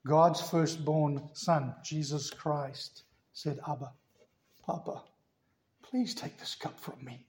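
A man's voice: on the high side, steady tone, takes it slowly, darkish tone. A man preaching a sermon as pastor, telling stories with emphatic, rising delivery. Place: church.

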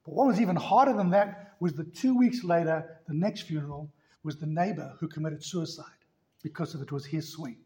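A male pastor preaching a sermon emphatically, swinging between loud passages and hushed ones. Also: a little high, fairly quick.

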